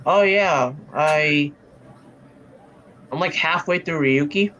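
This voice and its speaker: A young man co-hosting a casual podcast chat, speaking in a halting, hesitant way with lots of restarts. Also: a little high, sharp tone, muffled recording, a little hiss or hum. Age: young adult. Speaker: podcast co-host.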